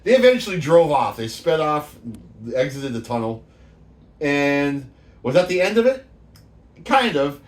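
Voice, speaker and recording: A man in his fifties from the San Francisco Bay Area tells rambling stories with a lot of swearing. His voice sits a bit high for a man. He often laughs at his own tales. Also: sing-song, a little slow, long pauses. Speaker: show host. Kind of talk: casual storytelling monologue.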